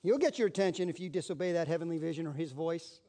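A man preaching a sermon in a lively way, acting out little scenes in quoted voices. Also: a little high, fast talker. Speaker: pastor.

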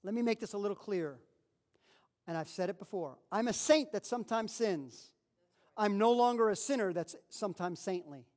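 A man's voice: high-pitched, lively intonation, normal speed, darkish tone. A man preaching a sermon as pastor, folksy and emphatic, leading his congregation to repeat declarations after him. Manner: leads congregation in call-and-response declarations.

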